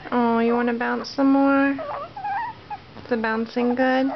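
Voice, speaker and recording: Mom baby-talking her little one, kinda high, gravelly edge, muffled home video w/ faint hiss. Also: big pitch swings, slow. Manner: soft, sing-song questions to a baby. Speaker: mother. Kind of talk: baby talk to her infant.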